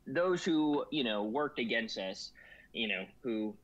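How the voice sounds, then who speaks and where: A man's voice: medium pitch, lively intonation, slow pace, fairly bright tone. A man talking as a guest in a casual discussion, rambling and filling every phrase with "you know". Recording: slightly dull lo-fi audio.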